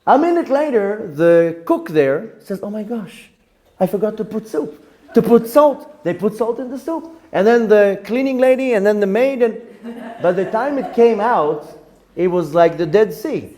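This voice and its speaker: Rabbi giving a lively storytelling lesson; higher male voice, warm and dark in tone, with many repeats. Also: measured pace. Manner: animated, repeats words, acts out quotes in the story.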